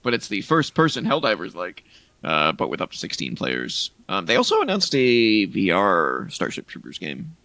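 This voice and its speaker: Gravelly low-voiced man, lively delivery. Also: normal speed, dry recording. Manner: rambling, listing game releases with restarts. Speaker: podcast co-host. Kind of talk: casual chat.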